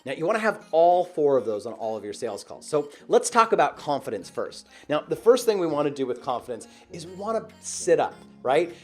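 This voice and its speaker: A man's voice: fairly high pitch, sing-song, fairly quick, hardly any pauses, a little mellow, soft background music. A man teaching as a sales coach, talking energetically and leaning hard on key words, often checking in with "right?". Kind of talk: instructional video talk.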